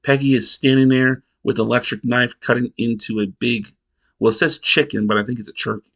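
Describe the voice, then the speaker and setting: A man's voice: medium pitch, steady tone, creaky, a bit bright. Rambling man recapping a TV episode. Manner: rambling, halting, restarts a lot. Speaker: TV episode reviewer. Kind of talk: casual review narration.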